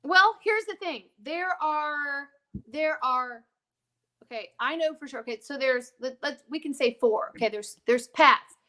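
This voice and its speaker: A woman with a fairly high voice talks casually as a guest, wandering off into asides and coming back to press her point. Her delivery is emphatic and conversational. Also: a little slow, pushed and bright. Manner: digressive, emphatic, many asides. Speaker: podcast guest.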